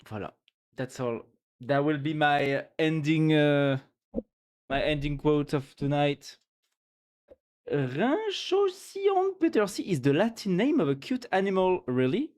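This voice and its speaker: A French streamer, a native French speaker talking English with a French accent, chats playfully and tiredly with viewers late at night. The voice is mid-range with a darkish tone, very animated yet slow.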